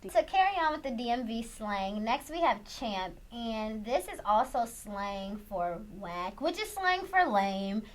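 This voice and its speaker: A woman's voice: a little high, lively intonation, measured pace, few pauses. A young woman co-hosting a casual chat show, plainly explaining slang terms. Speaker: co-host.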